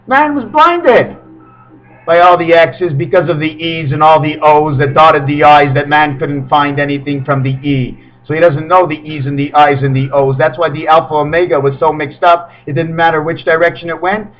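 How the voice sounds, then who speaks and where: A man talking in a rambling spiritual monologue to his webcam, his pitch swinging suddenly between high and low. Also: fairly bright tone. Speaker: webcam video maker. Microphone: webcam microphone. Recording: dull lo-fi webcam audio.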